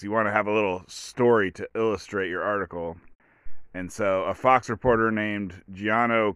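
A man's voice: fairly low pitch, fairly bright tone, clear, resonant tone, no room sound, studio quality. A man talking on his own show in casual commentary, rambling and sarcastic, full of restarts and fillers. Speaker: podcast host.

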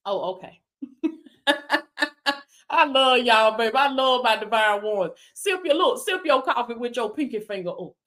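A woman's voice: fairly high pitch, lively intonation, a little slow, pauses often, fairly bright tone. A woman preaching a motivational sermon on a livestream, calling out to viewers with "come on now" and "baby" and reading out their comments. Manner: reads viewer comments aloud. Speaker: life coach and preacher.

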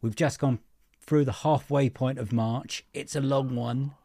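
A man's voice: mid-range voice, steady tone, measured pace, creaky, mellow, no room sound, studio quality. Teasing man on a podcast. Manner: teasing, jokey banter. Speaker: podcast co-host. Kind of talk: casual podcast chat.

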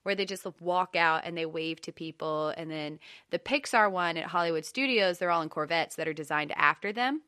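A woman's voice: lowish voice, moderate pace, hardly any pauses, clean tone, no room sound, studio quality. A young adult woman, co-hosting a casual podcast chat, giggly and playful. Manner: giggly, animated, playful with silly voices. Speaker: podcast co-host.

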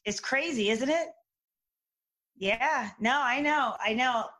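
A woman's voice: high-pitched, slow pace. Candid, talkative woman in casual chat. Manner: candid, animated, many restarts and fillers. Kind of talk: casual conversation.

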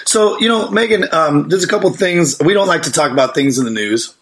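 A man in his thirties co-hosts a casual podcast. He talks quickly and rambles from joke to joke in loose banter. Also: fairly high pitch, lively intonation, a bit bright. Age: 30s. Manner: joking, rambling, fast-talking. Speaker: podcast co-host. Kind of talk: casual chat.

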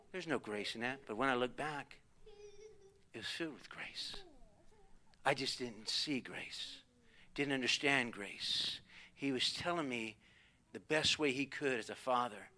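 Bright-voiced man preaching a sermon. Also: mid-range voice, unhurried. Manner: animated storytelling, acts out quoted voices. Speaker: pastor.

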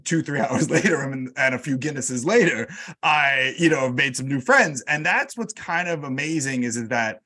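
A man's voice: mid-range voice, expressive, normal speed, bright, forceful tone. A man from New York with an American accent, hosting a podcast in a chatty manner and laughing often. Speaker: podcast host. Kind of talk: casual chat.

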